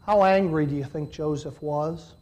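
A middle-aged man delivering a sermon in a fairly high voice. He swings between loud, emphatic peaks and quiet, hushed passages. He acts out the voices of the people he quotes. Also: normal speed. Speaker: preacher.

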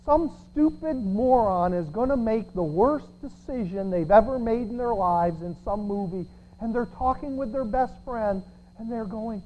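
A pastor preaching a sermon, sarcastic, swinging from shouts to quiet asides. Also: mid-range voice, measured pace, a little hiss or hum, low-quality recording. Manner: sarcastic, swinging between shouts and near-whispers.

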